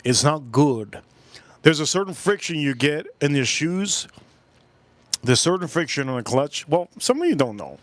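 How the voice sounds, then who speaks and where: A man's voice: on the high side, fairly bright tone, dry recording. A man hosting a live stream, chatting loosely to his viewers and repeating phrases as he talks. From South Florida. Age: adult, older than in his youth. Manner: rambling, talks straight to chat, repeats himself. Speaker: livestream host. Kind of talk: casual live-stream chat.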